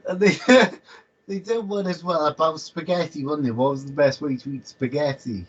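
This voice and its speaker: Guy rambling on a video call, kinda husky, dull lo-fi sound. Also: a little high, normal speed. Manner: rambling, stammering restarts. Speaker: host. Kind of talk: casual chat over a video call.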